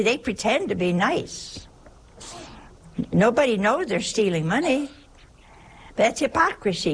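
Slow, gravelly-voiced woman preaching. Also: medium pitch. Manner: emphatic, with rhetorical questions and sudden whispers. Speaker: religious sister preaching. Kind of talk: sermon.

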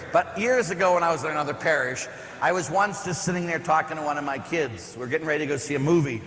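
A man's voice: a little high, fairly bright tone, a little hiss or hum. A man, a parish priest, giving a homily as conversational storytelling with rhetorical questions and asides. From Pittsburgh area. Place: church. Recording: echoey church hall, faint ambience.

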